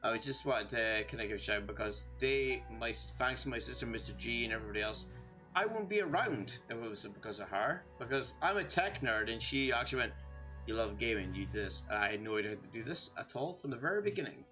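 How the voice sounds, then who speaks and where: A chatty Scottish man on a gaming stream, a little tipsy and rambling along with plenty of self-mockery. His voice has a bright, forward edge. Faint game music plays behind him. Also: medium pitch, expressive, fast. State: tipsy from drinking. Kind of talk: casual gaming stream chat.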